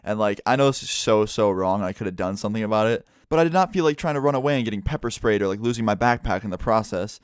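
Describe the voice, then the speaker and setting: Fast-talking young man telling a story. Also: lowish voice, clear, resonant tone, no echo, clean studio sound. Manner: animated, blunt, swears. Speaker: vlogger. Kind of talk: casual storytime.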